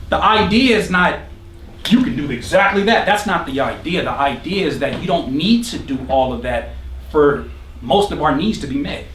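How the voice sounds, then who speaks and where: A high-voiced man gives an energetic motivational talk to a live audience, throwing questions at the crowd and laughing at his own jokes. He sounds roomy and far from the mic, with faint room noise behind him. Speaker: motivational speaker at a producer workshop.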